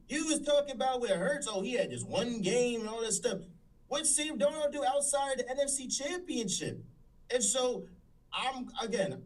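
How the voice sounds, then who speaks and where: A man arguing his point as a panelist on a sports debate show, breaking it down in a measured way. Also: high voice, recorded from a distance, low-quality recording.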